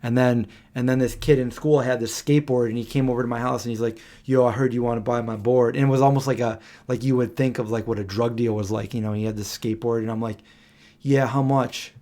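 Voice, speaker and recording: A man chatting on a late-night live stream from home, his voice at an ordinary middle pitch. He rambles along, trails off while hunting for names, and now and then hums a little tune to himself. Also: little pitch movement, fast, hardly any pauses, dark tone. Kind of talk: casual chat. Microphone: desk microphone.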